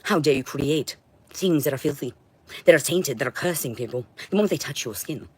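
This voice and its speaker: A woman speaks alone on a livestream in a fairly low voice, heard dry with no room sound. Her talk is intense and profane, coming in short, broken phrases. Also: expressive, brisk, husky, no echo. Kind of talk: rambling solo livestream monologue.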